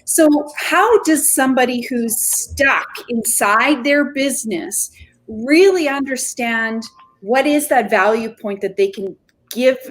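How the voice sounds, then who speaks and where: A woman with a somewhat high voice hosts a podcast. She asks questions and reflects aloud in an earnest way, with many "I mean" fillers. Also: slow. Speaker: podcast host. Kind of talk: interview questions.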